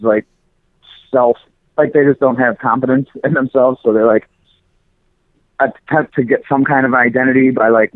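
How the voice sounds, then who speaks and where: A man co-hosting a casual podcast, telling animated stories full of swearing and mimicking other people's voices. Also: medium pitch, no room sound. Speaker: co-host. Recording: dry, phone-like audio.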